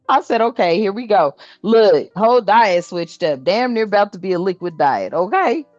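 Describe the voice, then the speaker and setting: A woman's voice: mid-range voice, big pitch swings, normal speed, no echo, lo-fi sound, faint music behind. A woman giving a casual spiritual card reading, blunt and profane, laughing often as she talks.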